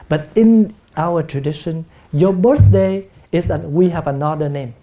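A man with a Vietnamese accent, a Buddhist monk giving a gentle, humorous dharma talk in a meditation hall. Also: on the high side, measured pace, few pauses, highs cut off. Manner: gentle, humorous, acts out everyday speech. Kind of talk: sermon.

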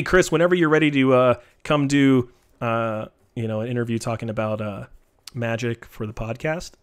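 A man casually commenting on his live-streamed card game, joking and teasing in an animated way. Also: medium pitch. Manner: animated, joking, trash-talking.

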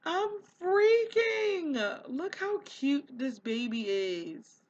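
Excitable woman gushing over gameplay. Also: sits high, very slow, muffled recording. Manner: excitable, gushing, voices sim characters in quotes. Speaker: let's play host. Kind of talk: casual gameplay commentary.

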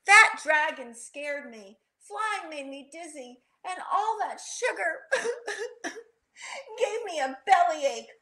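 A woman voicing a timid, fretful female wish-granter who speaks in an anxious, shaky, squeaky voice. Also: unhurried, hardly any pauses, a bit bright, reverberant. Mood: scared.

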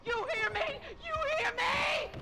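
A woman's voice: very high-pitched, slow pace, creaky, shouting, heavy background noise, full character voice. An actress voicing a crazed, furious backwoods mother in a horror video game, screaming and swearing. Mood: unhinged rage.

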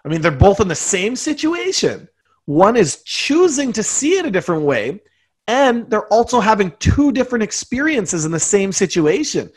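Guy guesting on a podcast, kinda high voice, thoughtful and encouraging. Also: sing-song, normal speed, slightly rough. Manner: reflective, encouraging, speaks about self-love. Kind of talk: casual conversation.

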